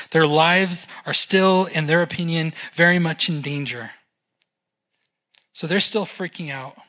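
A preacher giving a sermon in a conversational way, often checking in with a quick "right?" and adding gentle humorous asides. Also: mid-range voice. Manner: conversational, keeps asking "right?".

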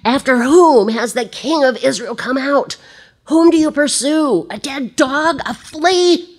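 A woman's voice: medium pitch, a little slow, pitched above the performer's own voice, natural voice. A woman voicing a young male warrior who earnestly pleads with a king, read with emphasis from scripture. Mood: pleading.

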